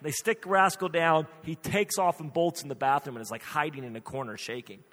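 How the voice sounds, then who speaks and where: A male pastor preaching a sermon, telling a funny story in an animated, emphatic way. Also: a little high, brisk, long reverb tail.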